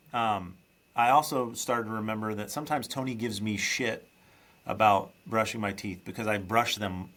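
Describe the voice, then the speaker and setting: Hosting a podcast, a man chats loosely with his guest and teases him in a casual interview. His voice sits at a medium pitch with a fairly bright tone.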